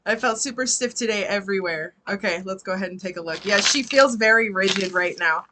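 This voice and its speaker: A woman's voice: medium pitch, a little fast, background noise. A woman giving a casual live tarot reading, chatty and laughing often, swearing freely. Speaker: tarot reader.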